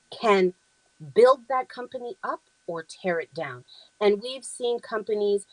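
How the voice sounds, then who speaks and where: A woman's voice: fairly low pitch, no room sound, low-quality recording. A woman hosting a talk show, speaking in an earnest, affirming way with frequent ums as she walks through slides and reads short phrases aloud. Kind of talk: conversational talk show presentation.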